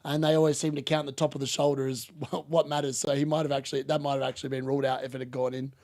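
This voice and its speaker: A man hosting a live football watchalong, chatting casually and reacting excitedly to the game. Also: mid-range voice, fast talker. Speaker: watchalong host.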